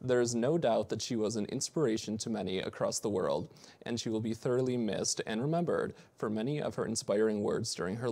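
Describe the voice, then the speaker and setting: A young male anchor reading the news at a middle pitch. He speaks steadily but now and then trips over a word and corrects himself, in a plain college-station broadcast manner. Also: darkish tone. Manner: reads steadily, with small slips and self-corrections. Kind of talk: college TV newscast.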